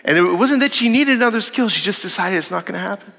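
A man casually telling a long family story as a father, animated and acting out his kids' lines. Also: fast, creaky, big-room sound. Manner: animated, quotes his kids in higher voices.

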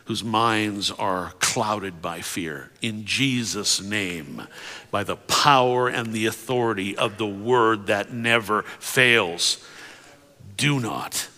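Bright-voiced pastor preaching in a hall. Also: male voice, on the low side, slow pace. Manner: impassioned preaching that drops to soft whispered prayer. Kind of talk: sermon with prophetic prayer. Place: church sanctuary. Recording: long reverb of a large hall.

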